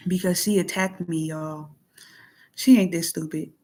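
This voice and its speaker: Aggrieved woman vlogger, lowish voice. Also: vocal fry, husky. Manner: reads out text messages and comments on them; plainspoken, aggrieved, repeats herself. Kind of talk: casual venting monologue.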